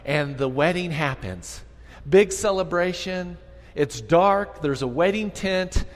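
A man preaching a sermon, telling the story in an animated, conversational way. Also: on the high side, slow pace. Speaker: pastor. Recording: long reverb hall.

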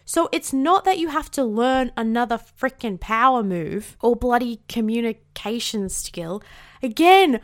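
A woman's voice: fairly high pitch, expressive, measured pace. Bubbly Australian woman with rising inflections. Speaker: podcast host. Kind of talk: casual solo podcast talk.

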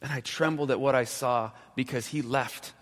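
A male pastor telling a story in a sermon, slowing down and dropping to a hushed voice at the key moments. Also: medium pitch, steady tone. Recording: long church reverb.

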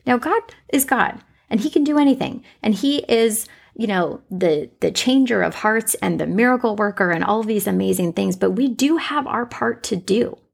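Podcast host, woman, husky with some gravel, unscripted faith talk, emphatic repeats. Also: mid-range voice, animated, normal speed, hardly any pauses. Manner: off-the-cuff, conversational, emphatic repetition.

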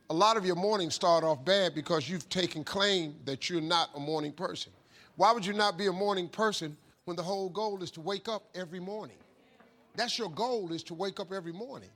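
A man giving a motivational talk, telling a story with lively shouted bits where he acts out phone calls. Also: fairly high pitch. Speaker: motivational speaker.

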